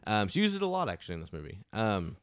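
A man recapping a film's plot in casual chat, with quick laughing asides. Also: lowish voice, wildly swooping pitch, clear, resonant tone, no room sound. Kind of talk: casual film discussion.

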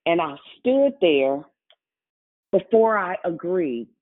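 A woman's voice: on the low side, very animated, slow pace. A woman preacher giving a personal testimony in a sermon, talking casually and directly to her congregation. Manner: conversational, addresses congregation directly. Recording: tinny phone-like sound.

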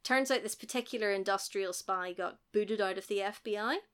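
A woman with a bright, clear-edged voice talks through a film plot in loose, animated chat. She laughs easily and keeps breaking into little impressions as she goes. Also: mid-range voice, a little fast. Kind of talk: casual chat recapping a film.

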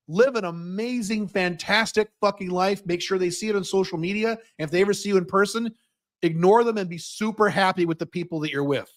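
Blunt, high-voiced man host. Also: a bit bright. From United States. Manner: blunt, profane, opinionated. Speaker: host answering viewer questions. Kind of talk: livestream Q&A.

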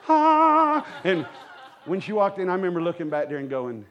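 A man's voice: fairly high pitch, lo-fi sound, faint music behind. Male pastor, folksy and joking, tells personal stories from the pulpit to a live congregation. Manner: folksy, humorous storyteller with quick asides to the congregation. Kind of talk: storytelling sermon. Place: church sanctuary with a live congregation.

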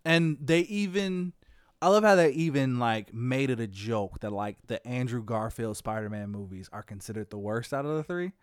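A man co-hosting a casual movie chat, retelling scenes with excitement and quoting characters. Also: medium pitch, moderate pace, clear, resonant tone, no room sound, studio quality. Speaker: podcast co-host.

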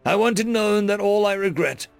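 A man voicing a frail, dying male alien diplomat who speaks weakly through pain in halting, pleading phrases. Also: sits high, animated, creaky, no room sound, soft background music, pitched above the performer's own voice. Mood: pained farewell. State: weak and pained, coughing.

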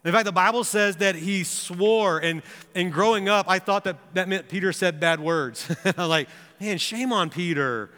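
Male pastor, sermon delivery, bright clear voice, long hall reverb, casual storytelling that goes grave. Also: high voice, moderate pace. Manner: conversational storytelling, then grave and hushed.

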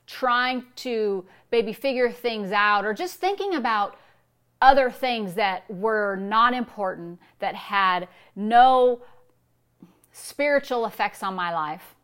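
Bright-voiced woman pastor preaching. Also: a little high, clear, resonant tone. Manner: emphatic, repetitive preaching with rhetorical questions. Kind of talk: sermon.

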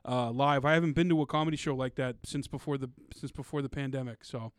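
Smooth-voiced man chatting excitedly. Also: medium pitch, fast talker, dry recording, clean studio sound. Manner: excited, casual, slangy. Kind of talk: casual chat.

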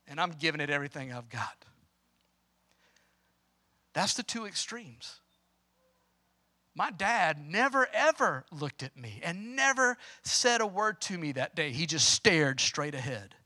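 Pastor guy, high voice, super bright and forceful, goes from hushed storytelling to loud passionate preaching. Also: dry recording, clean studio sound. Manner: swings from quiet storytelling to loud impassioned preaching. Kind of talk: sermon storytelling.

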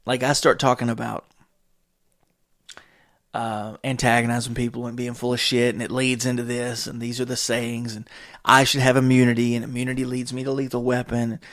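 A man's voice: mid-range voice, little pitch movement, normal speed, fairly bright tone. A man hosting a podcast in a casual solo monologue, rambling from tangent to tangent with frequent swearing and chuckles. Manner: rambling, tangent-hopping, profane, chuckling often. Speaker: podcast host.

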